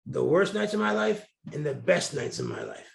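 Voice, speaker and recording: A man's voice: fairly high pitch, huge pitch swings, moderate pace, vocal fry. A middle-aged man from New Jersey, a guest telling candid, colorful stories in an interview. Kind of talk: storytelling interview. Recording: roomy echo.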